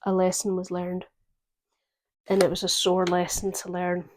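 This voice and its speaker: A woman giving a gentle, reflective tarot reading, pausing often to think. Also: fairly low pitch, monotone, slight background noise. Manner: gentle, reflective, with pauses and fillers. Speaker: tarot reader.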